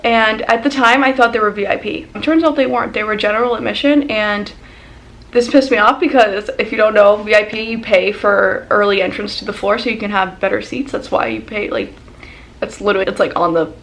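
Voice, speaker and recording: A young woman vlogger telling a casual storytime as an excited fangirl, full of "like" and quoted dialogue. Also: medium pitch, fairly quick, vocal fry. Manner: excited fangirl gushing, lots of "like".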